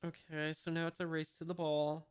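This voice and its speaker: Smooth, flat-voiced comic reader, slow and hesitant. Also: medium pitch. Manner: hesitant, frequent "uh" fillers, reads dialogue flatly without voices; wry, mildly puzzled asides. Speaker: manga reader and commentator. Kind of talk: casual read-through of a comic chapter.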